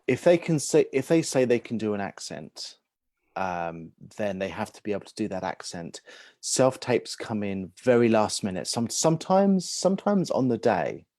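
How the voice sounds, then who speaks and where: A man's voice: lowish voice, very animated, moderate pace, darkish tone, no room sound. Hesitant man, dry sound. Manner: hesitant, many restarts and fillers. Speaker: guest talent agent. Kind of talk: casual interview.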